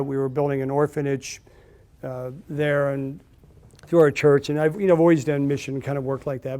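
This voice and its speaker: A man's voice: mid-range voice, mellow. A middle-aged man giving a storytelling talk to a live audience, chatty and anecdotal with frequent fillers and restarts. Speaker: speaker at a business event.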